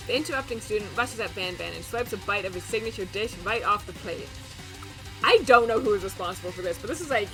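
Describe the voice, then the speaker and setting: A woman streamer in casual gaming commentary, reading game text aloud, joking and reacting loudly and playfully. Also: medium pitch, lively intonation, brisk, over music.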